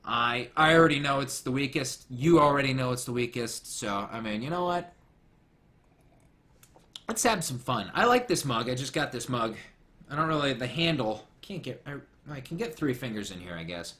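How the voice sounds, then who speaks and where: A young man chatting through a casual commentary with a bright, forward tone. His pitch swings all over as he rambles and jokes. He keeps wandering off on tangents. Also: expressive, moderate pace. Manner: rambling, jokey, goes off on tangents. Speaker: commentary host.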